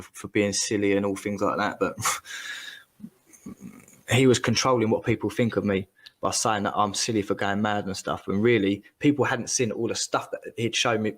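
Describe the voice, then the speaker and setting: Guy ranting about someone, slangy and animated, keeps repeating himself. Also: lowish voice, moderate pace. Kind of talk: ranting casual chat.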